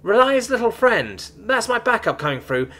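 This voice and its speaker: A man voicing a chirpy, cocky young alien woman with a high, teasing voice. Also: big pitch swings, normal speed, a bit bright, soft background music. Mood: urgent.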